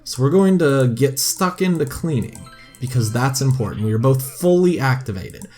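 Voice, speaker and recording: A man's voice: medium pitch, normal speed, soft background music. Chatty young man commentating a game. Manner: chatty and excitable, often cries out in dismay. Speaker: gaming video host.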